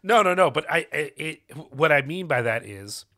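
A man's voice: a little high, animated, moderate pace, bright, forceful tone. A man co-hosting a film podcast, talking candidly and restarting sentences as he thinks aloud. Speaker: podcast co-host. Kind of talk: casual film review chat.

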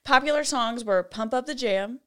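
A giggly woman in her forties co-hosts a podcast in casual chat, her voice sitting fairly high. She talks in a chatty, easygoing way. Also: moderate pace, a bit bright. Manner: giggly, chatty, quotes movie lines in put-on voices. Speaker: podcast co-host.

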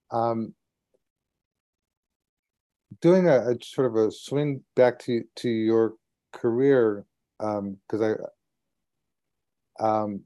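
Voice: medium pitch, mellow, dry recording, dull audio. An interviewer asking a guest about their career, stumbling into the question.

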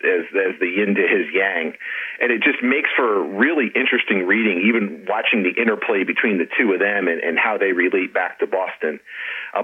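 A middle-aged man, an author and interview guest, talking in a relaxed, chatty way. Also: fairly low pitch, slightly rough. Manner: relaxed, chatty, with frequent restarts and laughs. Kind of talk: casual interview chat. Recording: tinny phone line.

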